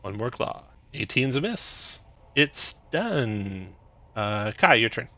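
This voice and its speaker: A young man runs a tabletop game as its dungeon master. His voice sits in the middle range but rings bright and forward. He calls hits and damage briskly, chuckling now and then. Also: mid-range voice, big pitch swings, no echo. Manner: brisk rules-calling with chuckles.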